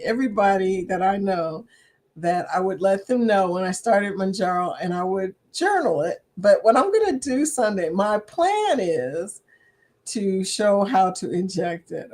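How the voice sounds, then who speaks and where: A woman's voice: medium pitch, darkish tone. An older woman hosting a casual livestream chat, reading viewer comments aloud and laughing often between remarks. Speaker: livestream host.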